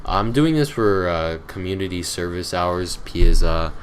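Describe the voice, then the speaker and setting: A man's voice: deep voice, expressive, normal speed, a little hiss or hum. A teenage boy hosting his gaming channel, chatting casually to viewers in a rambling, grumbling way with lots of hesitations. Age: teens. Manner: rambling, hesitant with many fillers; irritable, grumbling.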